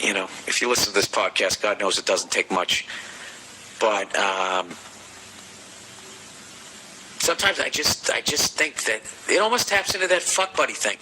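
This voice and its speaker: Podcast host with a Boston accent, a man giving crude comic advice, forceful tone. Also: medium pitch, slight background noise, rough recording. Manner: profane, ranting, animated. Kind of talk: comedic advice rant.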